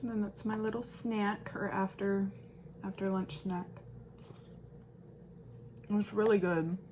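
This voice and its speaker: A woman's voice: medium pitch, fairly even intonation, slow pace, a little mellow, slight background noise. A woman in her thirties, a mother and vlogger, chatting casually at home in a rambling, filler-heavy way. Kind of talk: casual vlog chat.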